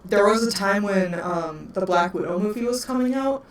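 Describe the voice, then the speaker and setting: A woman at medium pitch and normal speed chats through a tabletop game she's running as game master. Giggly and talkative, with a Wisconsin accent, she laughs and turns to talk to her pets. Faint noise, a distant mic and room echo are audible.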